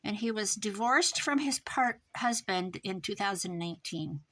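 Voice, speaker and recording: A craft vlogger from the American Midwest chats casually while working on a project, thinking aloud and rambling off topic, her voice sometimes trailing off quieter. She speaks in an expressive mid-range voice at a moderate pace.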